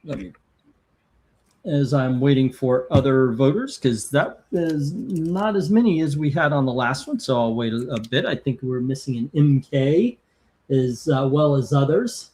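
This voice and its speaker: A man's voice: mid-range voice, expressive, a little slow, a little mellow. A man hosting a casual live stream, chatting and reading out viewer comments and scores. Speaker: host of a live comic-cover ranking stream.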